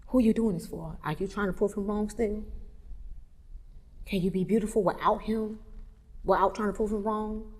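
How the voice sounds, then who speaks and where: A woman, candidly telling a personal story, moving from hushed tones to loud animated retelling. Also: medium pitch, measured pace, long pauses, husky. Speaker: photographer telling her story. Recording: long reverb, roomy hall sound.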